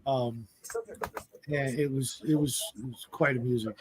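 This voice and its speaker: A man's voice: mid-range voice, fairly even intonation, unhurried, slight background noise. A man hosting a casual online chat, telling rambling, amused stories from home. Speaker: host.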